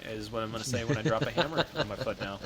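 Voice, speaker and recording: A man's voice: fairly low pitch, racing, crowd noise. Laughing, swearing male podcast co-host. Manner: laughs often, swears, animated reactions. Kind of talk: casual chat.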